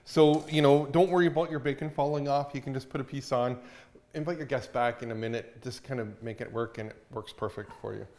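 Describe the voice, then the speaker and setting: A man's voice: mid-range voice, steady tone, fairly quick, darkish tone. A man hosting a casual cooking show, chatting upbeat while he cooks in a kitchen.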